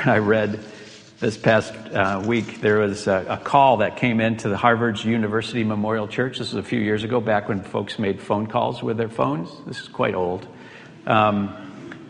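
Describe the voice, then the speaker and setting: A man's voice: medium pitch, creaky. Man preaching in a reverberant hall. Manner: storytelling with voiced quotes and rhetorical questions. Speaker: pastor. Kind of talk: sermon. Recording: long reverb of a large hall.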